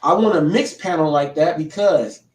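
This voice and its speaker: A man's voice: on the high side, normal speed, recorded from a distance. A man hosting a livestream, confrontationally calling out a rival in a rambling rant with frequent restarts. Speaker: livestream show host. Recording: echoey room, voice off-mic.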